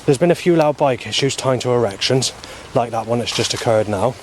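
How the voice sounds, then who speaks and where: A man rambling through a spoken log of his day, halting often with ums and restarts. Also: mid-range voice, a little hiss or hum. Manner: halting, many ums and restarts, flat recounting. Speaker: vlogger.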